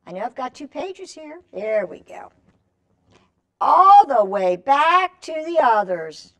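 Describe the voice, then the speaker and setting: A woman's voice: high voice, sing-song, takes it slowly, a bit bright. A woman reading a picture book aloud to children, coaxing them to join in with stretches and animal calls. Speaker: children's storyteller.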